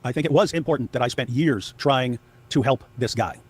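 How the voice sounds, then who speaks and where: A man giving casual commentary, sarcastic, sometimes mocking others in exaggerated high-pitched quotes. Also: a little fast, slightly rough.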